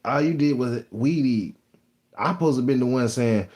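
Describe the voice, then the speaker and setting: Warm in tone, medium in pitch and moderately paced, this young Texan with a Southern accent runs a live stream. His casual chat is boastful, meandering and full of slang as he tells stories.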